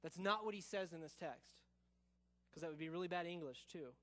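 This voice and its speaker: Male pastor with a high voice, expository sermon, casual asides, quiet dramatic drops. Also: fairly quick. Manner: expository preaching, drops to soft low tones for quoted lines; casual asides, says y'all.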